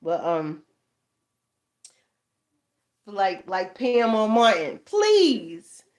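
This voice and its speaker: At a measured pace and medium pitch, a woman in her thirties who runs a tarot channel shares a casual story with viewers. She laughs a lot, stays animated, curses freely, and frequently asks "you know what I'm saying".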